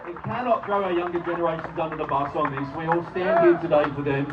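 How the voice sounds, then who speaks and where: An Australian man emceeing a street rally, forceful and rousing with call-and-response. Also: a little high, steady tone, fast, hardly any pauses, roomy sound. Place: outdoor street rally in rain. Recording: distant muffled mic, loud crowd and noise.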